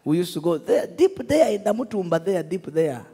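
A man preaching a sermon, telling stories with laughter and shouting out to his congregation. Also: sits high, moderate pace, slightly rough. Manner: animated storytelling, laughs, shouts to the crowd. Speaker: pastor. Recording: echoey hall with long reverb.

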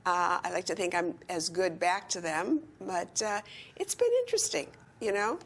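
A woman's voice: fairly low pitch, animated. An older woman chatting enthusiastically as an interview guest in a retirement community. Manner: chatty and enthusiastic, quick bursts. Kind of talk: casual chat.

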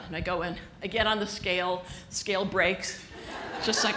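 A woman's voice: medium pitch, moderate pace, sharp tone, a little hiss or hum. A woman giving a comic keynote speech at a conference, telling chatty, self-mocking stories. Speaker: keynote speaker. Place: conference hall with a live audience. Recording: echoey hall recording.

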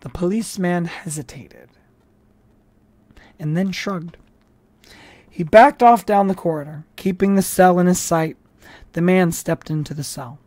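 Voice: mid-range voice, unhurried, pauses often, a little mellow, no echo. Dry, close audiobook narrator. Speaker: audiobook reader. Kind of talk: reading a novel aloud by chapter.

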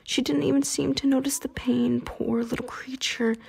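A woman reading an audiobook, voicing a cruel male vampire hunter who speaks in a soft, pleasant, taunting way. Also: high-pitched, flat delivery, moderate pace, creaky, breathy edge, voice pushed up, exaggerated voice.

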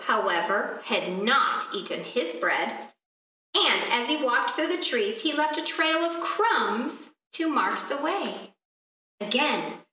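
A woman reading a fairy tale aloud at a library storytime, expressive and asking the children questions along the way, heard from a distance in an echoey room. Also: a little high, slight background noise.

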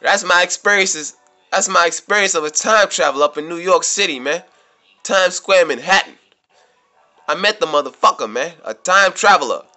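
A man with a bright, forceful, fairly high voice tells his story in a loose, rambling vlog monologue. He swears constantly, circles back over the same phrases, and gets louder and more worked up. Faint music plays behind him. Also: normal speed. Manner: rambling, profane, repeats himself, gets worked up. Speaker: vlogger. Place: New York City.

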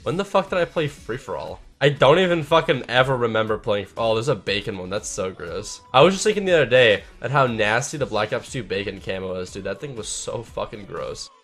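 A man giving live, profane gameplay commentary, mostly laid-back and mumbling, bursting into shouts at big plays. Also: fairly low pitch, expressive, a little fast, hardly any pauses, soft background music. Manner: profane, swears constantly. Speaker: gaming channel host.

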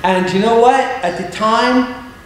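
A middle-aged man, an evangelist, telling a story in a sermon with lively humorous asides, recorded in a church hall. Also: very high voice, takes it slowly, a little hiss or hum. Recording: very echoey hall, faint ambience.

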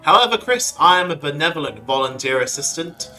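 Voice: medium pitch, animated, brisk, sharp tone, faint music behind, low-quality recording. A streamer voicing a prim, officious monster library assistant from a video game.

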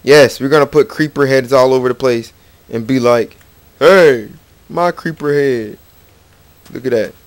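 This let's play features a man hosting his gaming channel, talking at a fairly quick pace in a steady, medium-pitched voice with no room sound. He meanders, plays around and speaks to characters in the game, and faint game music can be heard.

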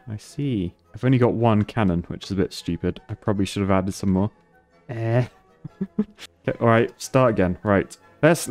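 A man's voice: lowish voice, darkish tone. A man commentating his gameplay on a stream, thinking aloud and laughing often.

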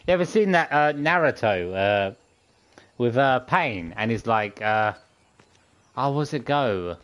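Playful gaming streamer. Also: male voice, mid-range voice, animated, takes it slowly, a bit bright. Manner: rambling, playful, hums and does silly sound bits. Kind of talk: casual gameplay commentary.

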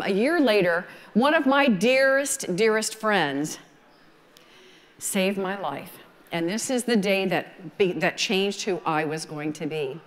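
A woman in her sixties with a Southern American accent, telling her story at a photography conference in a folksy, animated way. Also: medium pitch, in a large hall. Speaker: photography speaker. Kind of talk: conference talk.

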